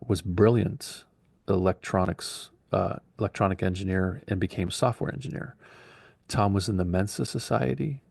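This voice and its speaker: A man's voice: fairly low pitch, vocal fry, a little mellow, breathy edge, no echo, clean studio sound. A man in his forties telling a long personal story in a casual, rambling way, acting out the dialogue he quotes.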